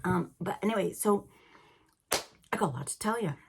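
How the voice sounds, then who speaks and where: A woman in her fifties with a Liverpool accent softened by years in Canada, hosting a knitting podcast in a chatty, rambling way. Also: mid-range voice, normal speed, background noise. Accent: Liverpool English softened by decades in Canada. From England, Liverpool. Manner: chatty and rambling, with laughs and excited asides. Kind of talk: casual chat.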